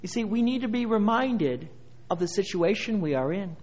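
High-voiced pastor preaching, lo-fi. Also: male voice, lively intonation, moderate pace, a little mellow. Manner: preaching with rising emphasis and scripture reading. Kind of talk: sermon.

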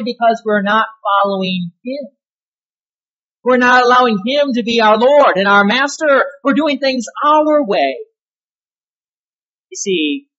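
A woman's voice: a little high, fairly bright tone, muffled recording. A woman pastor preaching a sermon in an emphatic way, stressing key words and asking rhetorical questions.

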